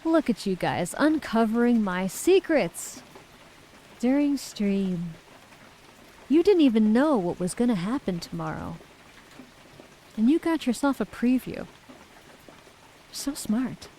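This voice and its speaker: A woman's voice: on the high side, very animated, takes it slowly, long pauses, mellow, slight background noise, low-quality recording. Giggly woman chatting with her stream. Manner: reads viewer messages aloud and giggles often. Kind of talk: casual stream chat.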